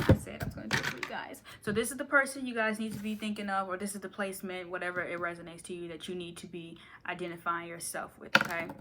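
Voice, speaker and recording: A woman's voice: medium pitch, very noisy. A woman giving a casual tarot reading, playful and rambling, with slangy asides and frequent laughter. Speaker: tarot reader.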